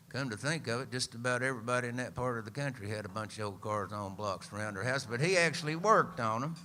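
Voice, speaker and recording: A singer-songwriter and storyteller in his seventies, with an East Tennessee accent, tells a folksy, dry-humored story live on a radio show. His voice is medium-pitched and sharp, with slight background noise.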